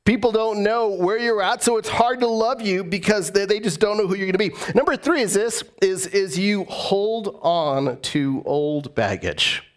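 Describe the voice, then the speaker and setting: A man's voice: high voice, animated, moderate pace, hardly any pauses. A man preaching a sermon as pastor, earnest and emphatic, repeating phrases for stress.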